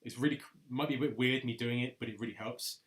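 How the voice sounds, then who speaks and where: A man's voice: medium pitch, fairly even intonation, fast. Young man, casual and rambling, an everyday mid-range voice. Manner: rambling, self-correcting, chatty. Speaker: video creator. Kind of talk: casual chat while recording voice lines.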